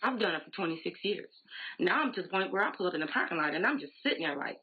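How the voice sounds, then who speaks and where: A woman's voice: lowish voice, expressive, fast talker, slightly rough. A woman in her forties giving an emphatic, repetitive motivational talk to her sales team on a live stream. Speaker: direct sales team leader. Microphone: phone or laptop live stream. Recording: tinny phone-like audio.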